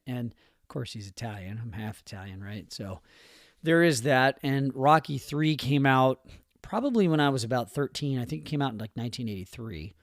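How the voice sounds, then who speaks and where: A man's voice: mid-range voice, no room sound, studio quality. A middle-aged man hosting a motivational podcast, talking in an earnest, rambling, conversational way with lots of fillers. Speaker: podcast host.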